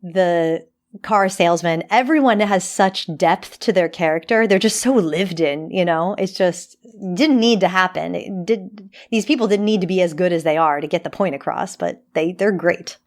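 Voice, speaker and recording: Animated woman chatting on a podcast. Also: lowish voice, normal speed. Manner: animated, laughing, many restarts. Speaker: podcast co-host. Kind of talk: casual chat.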